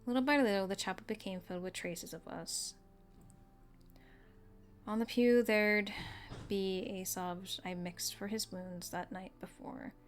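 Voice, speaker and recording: A woman streaming a video game, reading its story text aloud in a soft, level voice. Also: medium pitch, fairly even intonation, unhurried, soft background music. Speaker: gaming streamer.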